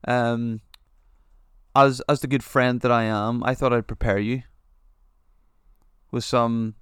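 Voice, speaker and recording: A man's voice: medium pitch, level tone, slow, clear, resonant tone, no echo, studio quality. A man co-hosting a podcast, teasing his friend and joking crudely in casual banter. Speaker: podcast co-host.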